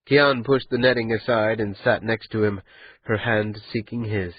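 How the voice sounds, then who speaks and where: A man narrates a novel in a measured, even manner. His voice is low and a bit husky. The recording is dry and close, with a slightly dull, muffled sound. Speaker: audiobook narrator. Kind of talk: scripted narration.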